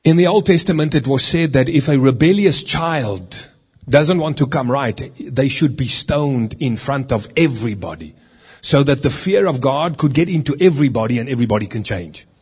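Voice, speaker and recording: A man's voice: medium pitch, lively intonation, normal speed, darkish tone, husky. A man preaching a sermon in a conversational way, with rhetorical questions and stories from his meetings.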